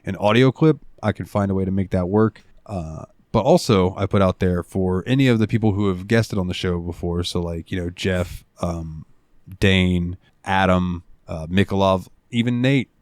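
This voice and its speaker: A man with a lowish voice hosts a gaming podcast, talking in a loose, rambling way and swearing now and then. The sound is dry and close, with little room around it. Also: moderate pace, a little mellow, no echo. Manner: laid-back, rambling, swears casually. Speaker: podcast host. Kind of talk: casual chat.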